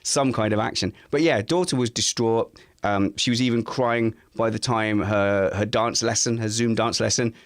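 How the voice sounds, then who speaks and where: A man's voice: normal speed, hardly any pauses, dry recording, clean studio sound. A man, chatting casually at home and telling family stories while acting out the voices of others. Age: 40s. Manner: animated storyteller, acts out family members in high voices. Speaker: podcast co-host. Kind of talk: casual chat.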